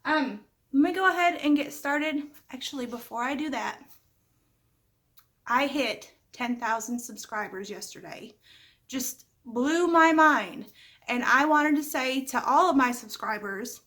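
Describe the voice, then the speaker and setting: Her voice sits high and sounds animated and fairly bright, moving at a measured pace. She's a middle-aged woman running a relaxed home decor vlog in her living room, homey and talkative with many asides and the odd cough from feeling a little sick. The camera recording her is close and gets repositioned as she speaks.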